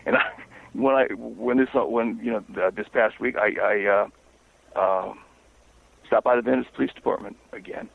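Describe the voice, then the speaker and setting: A man guesting on a phone-in interview as an investigative author, telling stories in a halting, wry way. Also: medium pitch, steady tone, vocal fry, husky, no room sound. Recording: tinny phone line.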